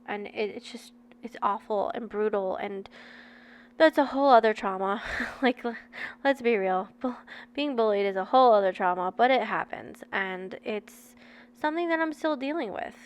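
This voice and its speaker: A woman in her thirties with a fairly high voice reads a book aloud to her viewers. She breaks off often to share candid, chatty personal asides, talking straight to her audience. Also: normal speed, clean tone. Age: 30s.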